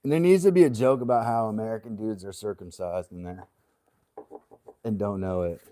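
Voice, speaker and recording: A man's voice: lowish voice, a little fast, warm tone. A man hosting a livestream in casual chat, joking around and laughing often as he rambles. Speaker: livestream host.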